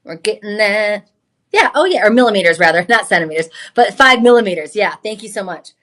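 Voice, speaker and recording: A woman hosting a live home-shopping show, pitching jewelry in an enthusiastic, chatty way with frequent exclamations. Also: animated, a little fast, a bit bright. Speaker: shopping channel host.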